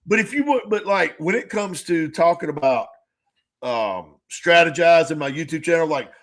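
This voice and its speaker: A man with a fairly high voice co-hosts a casual podcast chat. He tells long, rambling stories, plays out both sides of conversations, and curses freely. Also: expressive, moderate pace. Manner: rambling storyteller who swears freely and acts out conversations. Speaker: podcast co-host.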